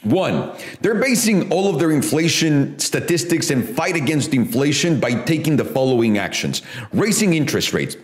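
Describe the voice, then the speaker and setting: A man's voice: on the high side, sing-song, moderate pace. A man hosting a casual finance commentary, blunt and profane in how he talks. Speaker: host. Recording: echoey room.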